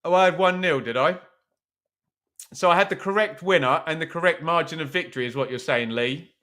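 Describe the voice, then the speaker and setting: His pitch is fairly high and his tone sharp, and he talks a little fast. The man is running a live football watch-along, chatting loosely, making fun of himself, and reading the chat out loud to answer viewers.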